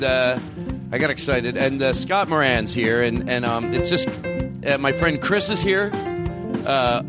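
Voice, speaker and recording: A man hosting a comedy podcast, excitedly introducing guests with swearing. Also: on the high side. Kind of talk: show intro over guitar music. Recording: loud guitar music behind.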